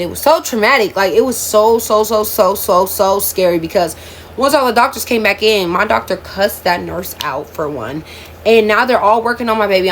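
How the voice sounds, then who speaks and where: A young woman in her twenties speaks straight to her viewers in a storytime vlog, candid and emotional as she goes. Her voice sits at an ordinary middle pitch. A faint hum of room ambience runs under her talk. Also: a bit bright. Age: 20s. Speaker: vlogger telling her life story.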